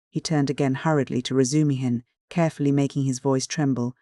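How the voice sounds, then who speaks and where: A man narrating a classic novel as an audiobook in a measured, steady reading. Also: mid-range voice, dry recording, clean studio sound. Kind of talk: scripted literary narration.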